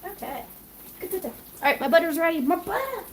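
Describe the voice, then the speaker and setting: A woman's voice: very high-pitched, fast talker, a little hiss or hum. A woman hosting a casual cooking livestream from her home kitchen, a chatty, scattered mother reading viewer comments aloud as she cooks. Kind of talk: casual live-stream chat while cooking.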